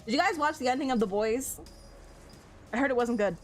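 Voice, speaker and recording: Young woman, streamer, giggly, excitable, slightly high voice, casual game commentary. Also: brisk, slight background noise.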